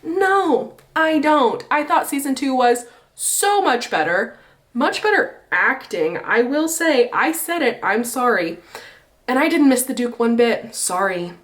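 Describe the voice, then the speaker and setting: A woman giving chatty, opinionated commentary in a casual vlog, her pitch swinging up when she makes a point. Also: very animated, measured pace. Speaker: book and TV vlogger.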